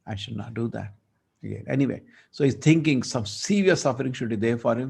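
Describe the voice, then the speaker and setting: A man teaching a scripture class, telling the story lively and acting out the dialogue. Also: medium pitch, fairly quick, vocal fry, slightly rough. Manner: storytelling, acts out dialogue, asides. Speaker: spiritual teacher.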